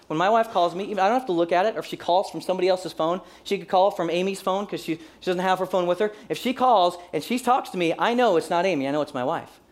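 A male pastor in his forties giving a sermon in a relaxed, conversational way. He keeps things light with humor and acts out small everyday scenes as he goes. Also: high voice, fast, hardly any pauses.

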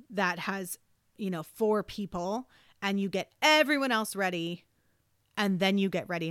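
A woman's voice: on the low side, fairly bright tone, clean tone, no room sound, studio quality. A woman in her thirties hosting a casual self-help podcast, talking conversationally with many fillers and restarts. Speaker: podcast host.

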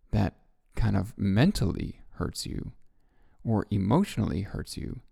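A man hosting a reflective self-help talk, speaking gently and musing with soft laughs. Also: on the low side, creaky. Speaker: podcast host.

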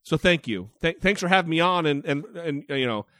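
Podcast guest, male, fired-up and foul-mouthed, lively slightly high voice, dry sound. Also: brisk, no room sound. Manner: profane and emphatic, heated. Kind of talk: casual chat.

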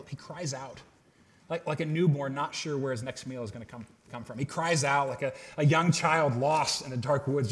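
Man preaching a sermon with dramatic swings. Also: on the high side. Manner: conversational preaching, swinging between loud emphasis and quiet asides. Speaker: pastor. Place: church hall with a congregation.

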